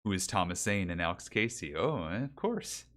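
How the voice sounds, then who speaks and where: Animated low-voiced man streaming. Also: normal speed. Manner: rambling, talks to chat, reads names aloud. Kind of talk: casual livestream chat. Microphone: desk mic with pop filter and windsock.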